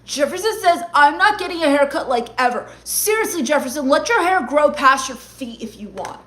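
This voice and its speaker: High-voiced sarcastic woman streamer. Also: lively intonation, moderate pace, fairly bright tone. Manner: sarcastic, gloomy, mock-goth ranting. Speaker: livestream comedian reading chat. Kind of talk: comedic livestream chat reading.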